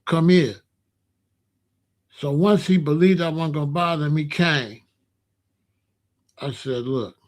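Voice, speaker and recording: A man telling a casual personal story in a loose, streetwise way, sometimes dropping into low murmurs. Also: moderate pace, pauses often. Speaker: storyteller host.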